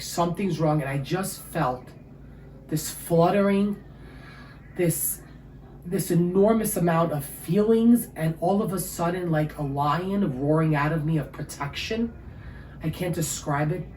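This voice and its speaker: A woman, giving an emotional personal testimony as an interview guest. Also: low voice. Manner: emotional, storytelling, animated. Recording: echoey room with faint ambient noise.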